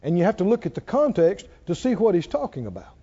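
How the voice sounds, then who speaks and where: A man preaching a sermon to a congregation, slow and measured, building up to shouted exclamations. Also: sits high, wildly swooping pitch, husky. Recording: dull lo-fi recording.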